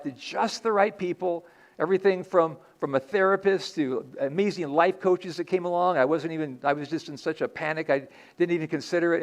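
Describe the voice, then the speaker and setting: A man preaching a sermon in a church as pastor, earnest and conversational, often restarting his sentences. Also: sits high.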